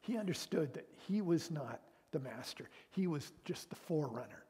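A man, a pastor, giving a sermon in an earnest, conversational way, at times dropping into hushed tones, and moving into prayer. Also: on the high side, animated, normal speed. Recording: long reverb.

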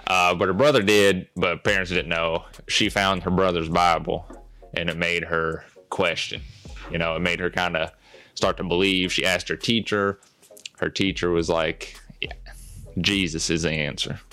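A man's voice: low-pitched, level tone, normal speed, sharp tone. A man with a Southern accent co-hosting a podcast, recapping a movie in rambling casual chat with lots of fillers. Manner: rambling, many fillers and restarts. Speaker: podcast co-host.

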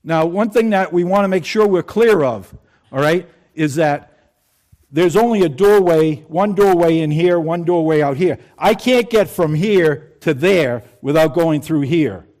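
Brief: male preacher, slightly high voice, talks with the congregation and quizzes them. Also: measured pace, a little mellow. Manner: conversational, asks the congregation questions. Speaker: pastor. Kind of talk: sermon.

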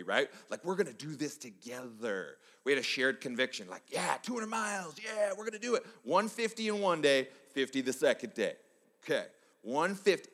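A man preaching a sermon, telling a personal story in an animated way that swings between soft and loud. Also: mid-range voice. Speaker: pastor. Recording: long hall reverb.

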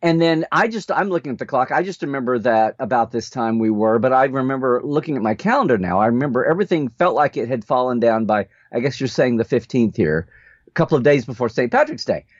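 A man's voice: medium pitch, quick pace, dry recording. A man co-hosting a podcast, telling a story in casual chat and acting out the people in it. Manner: animated storyteller who acts out the people in his stories. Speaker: podcast co-host. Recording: dull dry lo-fi sound.

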